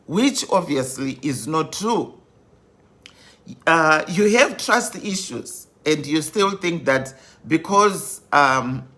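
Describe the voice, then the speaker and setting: Slow, earnest woman coach. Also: sits low, fairly bright tone. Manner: earnest, sprinkled with fillers and Shona words. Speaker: life coach. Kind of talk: motivational talk on grief.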